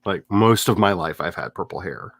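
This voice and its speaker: A middle-aged man hosting a writing livestream, chatty and animated, with quick laughs and dramatic asides. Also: low-pitched, no room sound. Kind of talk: casual livestream chat.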